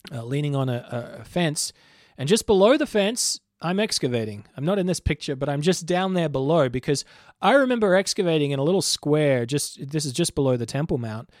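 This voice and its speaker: A man's voice: a little high, no room sound, studio quality. A man in his thirties hosting a program, talking conversationally with frequent restarts and personal asides. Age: 30s. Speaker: host. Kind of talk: casual spoken commentary.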